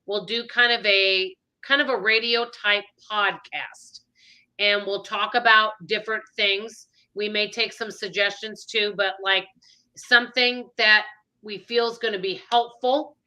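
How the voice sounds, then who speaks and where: A woman hosting a casual talk, her voice bright and forward at a middling pitch. She rambles from point to point in an easy conversational flow. Fillers like "you know" run all through her talk. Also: steady tone, measured pace, low-quality recording. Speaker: channel host. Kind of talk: casual chat.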